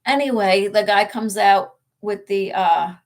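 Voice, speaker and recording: A woman talking straight to her viewers in a loose, chatty vlog, sharing a story. She laughs often and pads her sentences with fillers. Her voice sits at an ordinary middle pitch. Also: unhurried. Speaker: ghost-hunting channel co-host.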